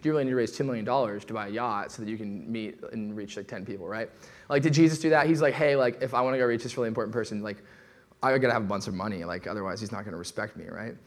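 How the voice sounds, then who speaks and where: A young adult man preaching a sermon in a relaxed, conversational way, full of asides and quick acted-out quotes. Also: lowish voice. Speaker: pastor.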